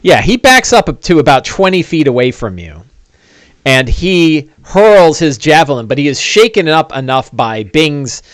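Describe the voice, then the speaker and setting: A man narrating a tabletop fantasy game as game master, telling the scene in an animated way with fillers and asides. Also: on the high side, measured pace, dry recording.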